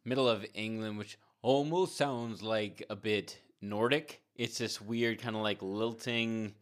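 A man co-hosting a casual podcast, excitable and rambling, laughing often. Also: fairly low pitch, a little slow. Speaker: podcast co-host.

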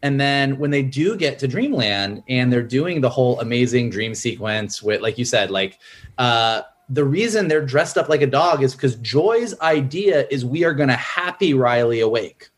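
A man in casual film talk, a screenwriter who acts out character lines in a raised, lively voice. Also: moderate pace. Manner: animated, acts out character quotes in a higher voice. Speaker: screenwriter and podcast guest.

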